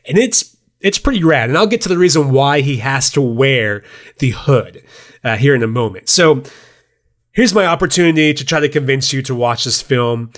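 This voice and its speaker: A man's voice: mid-range voice, animated, normal speed. A man co-hosting a podcast, chatting loosely about films. He jokes and laughs a lot, with an ordinary mid-range voice. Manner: laughs often, loose and joking. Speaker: podcast co-host. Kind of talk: casual chat about movies.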